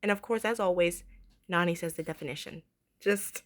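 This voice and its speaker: A woman in her twenties reviewing a cartoon episode in a casual, excitable way, gushing and repeating herself as she talks. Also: mid-range voice, a little fast.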